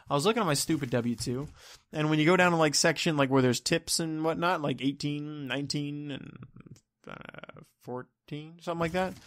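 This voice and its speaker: A man with a fairly high voice rants into the camera in a vlog. He rambles and sounds exasperated, swearing freely and letting his words trail off into low mumbles. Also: a bit bright. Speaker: vlogger. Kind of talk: ranting vlog.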